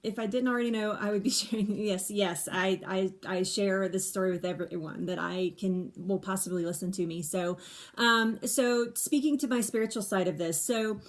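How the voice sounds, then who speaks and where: A middle-aged woman talks straight to her viewers in a relaxed live stream, pitched in an ordinary middle range. She is candid and chatty, repeating words for emphasis and often restarting mid-sentence. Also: normal speed. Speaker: livestream host answering viewer questions. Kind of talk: casual live Q&A monologue. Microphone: phone or webcam on a live stream.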